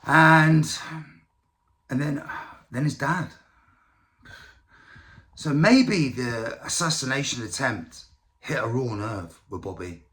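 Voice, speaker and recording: A man's voice: medium pitch, animated, slow, pauses often, a bit bright. A man from the UK giving casual, profane, rambling political commentary as a vlogger. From United Kingdom.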